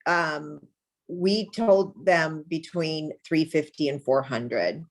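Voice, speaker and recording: A woman answering questions in a class in a casual, slightly hesitant and halting way. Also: low-pitched. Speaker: real estate agent in a class.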